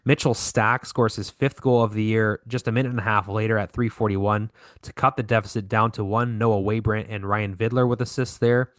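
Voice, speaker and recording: A podcast co-host breezes through hockey scores, correcting himself often and filling gaps with fillers. His lowish, steady voice is a bit bright and a little fast, heard in a dry, studio-quality recording.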